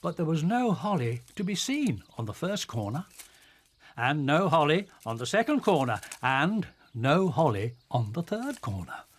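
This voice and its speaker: Older male storyteller, unhurried and animated, slightly breathy, reading to children. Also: a little high. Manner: slow, lively, expressive storytelling.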